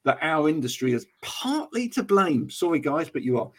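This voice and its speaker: A man hosting a casual podcast chat, animated and laughing as he acts out what other people say. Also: a little high, moderate pace. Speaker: podcast host.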